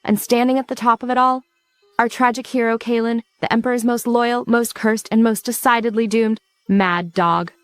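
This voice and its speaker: A woman's voice: a little high, steady tone, moderate pace, smooth, dry recording, soft background music. A woman narrating a story recap from a script, in a campy, sarcastic and theatrical way.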